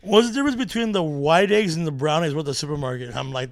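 A man's voice: on the high side, fast. A young man co-hosting a podcast in casual banter, laughing often, swearing and teasing. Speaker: podcast co-host.

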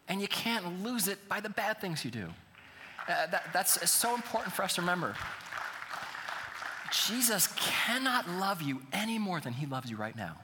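A man's voice: on the high side, pushed and bright, in a large hall. A man preaching a sermon as pastor, earnest and building to emphatic appeals.

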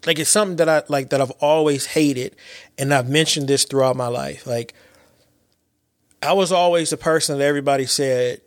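A man in his late thirties hosting a podcast, talking through his thoughts in a casual, animated way, with repeats and slang. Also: on the high side, moderate pace, no echo, clean studio sound. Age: late 30s. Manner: animated storyteller with repetitions and slang. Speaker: podcast host. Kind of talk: casual reflective monologue.

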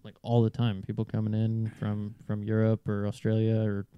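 A man's voice: lowish voice, monotone, smooth, dry recording, muffled recording. A man in a casual podcast chat who rambles with lots of filler words. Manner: fast, rambling with many "like"s.

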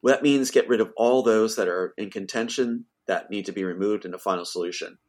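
A man's voice: fairly low pitch, a little fast, darkish tone. A man, the guest, telling an emotional personal account in an insistent voice that rises to pleading outbursts.

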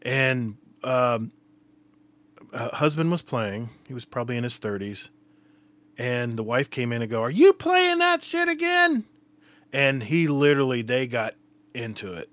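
A man, a podcast co-host, telling a story in casual chat, relaxed and hesitant with many fillers. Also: medium pitch, measured pace.

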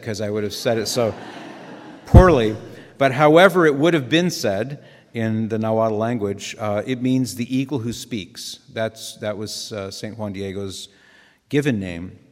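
A man giving a conversational, earnest sermon with digressive asides. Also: medium pitch. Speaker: Catholic preacher. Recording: long hall reverb.

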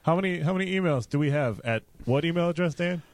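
A man's voice: on the high side, lively intonation, fast, no echo. A man co-hosting a podcast who keeps asking probing questions in casual chat. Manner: quizzical, asks probing questions. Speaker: podcast co-host.

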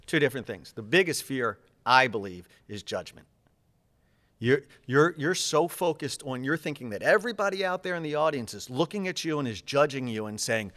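A man who coaches public speaking, talking in an interview with high energy, quick and animated, often repeating words as he goes.

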